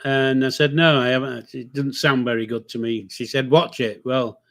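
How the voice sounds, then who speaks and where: An older man with a Yorkshire accent, co-hosting a casual live stream with halting, hesitant talk and dry humour. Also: mid-range voice, fairly even intonation, gravelly, fairly bright tone. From Yorkshire, England.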